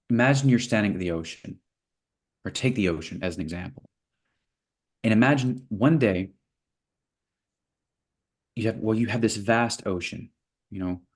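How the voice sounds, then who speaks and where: A man, interview guest, telling parables in a relaxed conversation and acting out little voices for the characters. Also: lowish voice. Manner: playful, acts out little voices in his parables. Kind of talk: storytelling in conversation.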